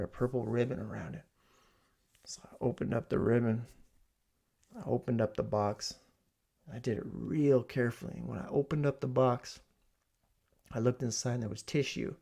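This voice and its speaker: Gravelly man ranting comedically. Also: mid-range voice. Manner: animated storytelling, swinging from loud exclamations to hushed asides. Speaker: comedic ranter. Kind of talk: comedic rant. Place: home basement.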